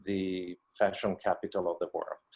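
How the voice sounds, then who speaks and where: A man's voice: sits low, level tone, normal speed, creaky, a little mellow. A man with an Italian accent from Italy, speaking hesitantly with many fillers as a participant in a video call workshop. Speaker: costume designer.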